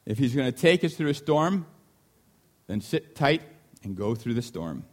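A man preaching a sermon in an animated way, often repeating key lines for emphasis and acting out voices in the story. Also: mid-range voice, moderate pace. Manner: animated, acts out the disciples' shouting.

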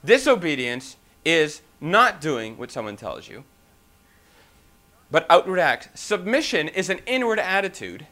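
A man's voice: on the high side, sharp tone. A man preaching a sermon, talking emphatically with rhetorical questions and a few restarts.

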